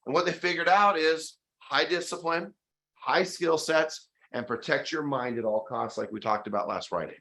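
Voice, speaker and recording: An energetic man leads a sales training session and drives home his points with emphasis. His voice sits a little high and has a bright, sharp edge. He often slips into quick quoted exchanges between agent and client. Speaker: real estate sales trainer. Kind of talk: motivational training talk.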